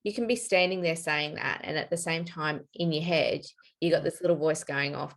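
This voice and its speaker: Woman interview host, lowish voice, thoughtful and agreeable. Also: moderate pace, few pauses, a bit bright. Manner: affirming, thoughtful, frequent agreeing. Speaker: podcast host. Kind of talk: interview conversation.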